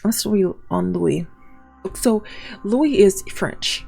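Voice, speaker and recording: A woman with a gravelly, creaky edge to her voice hosts a let's play, reading the game's text aloud and stopping to add exasperated asides of her own. Her pitch sits in the middle range for a woman. Faint game music plays behind her. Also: lively intonation, takes it slowly, mellow. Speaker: gaming channel host.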